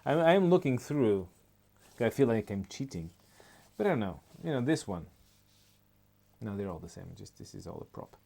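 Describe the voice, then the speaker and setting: A man's voice: lowish voice, very animated, moderate pace, gravelly, long pauses, a little mellow. A man, a comedian, doing a rambling comedy monologue and laughing at his own jokes.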